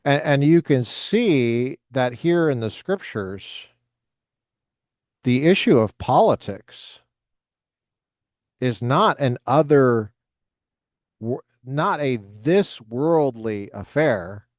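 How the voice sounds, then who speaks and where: Male lecturer, mid-pitched, reads text aloud and breaks off for dry jokes. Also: lively intonation, takes it slowly, long pauses, a little mellow, dry recording. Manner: reads passages with joking asides. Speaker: lecturer reading from a history book. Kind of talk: reading aloud with commentary.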